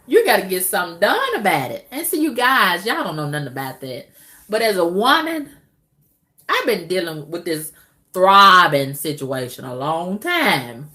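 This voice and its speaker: A middle-aged woman vlogging in a candid, casual monologue to her viewers, drawling with loud whoops and exclamations. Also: mid-range voice, very animated, measured pace.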